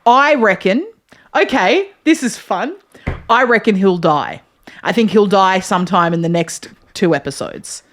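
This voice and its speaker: A woman's voice: mid-range voice, expressive, unhurried, a little hiss or hum. A woman co-hosting a casual podcast chat, emphatic and slangy. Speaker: podcast co-host.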